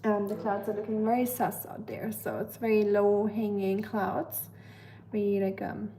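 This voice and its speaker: A woman with a German accent hosting a casual livestream at home, chatting with viewers, answering the chat and filling pauses with "um.". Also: mid-range voice, level tone, warm tone, slight background noise, low-quality recording. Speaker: livestream host.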